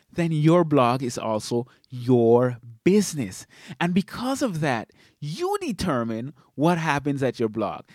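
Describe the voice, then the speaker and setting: A man's voice: fairly high pitch, a little mellow, no room sound, clean studio sound. A man hosting a blogging podcast, giving solo advice in an emphatic way, leaning on key words.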